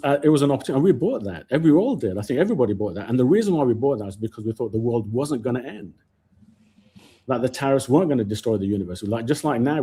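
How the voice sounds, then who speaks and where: A man's voice: medium pitch, breathy edge. A man debating stock market timing on a casual live show, talking over others and restarting his sentences. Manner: animated, talks over others, many restarts. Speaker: market commentator.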